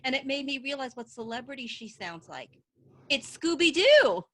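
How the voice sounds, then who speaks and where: A woman comedian telling stories in a stand-up set over a video call, animated and laughing at her own jokes. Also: high-pitched, a little fast. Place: at home.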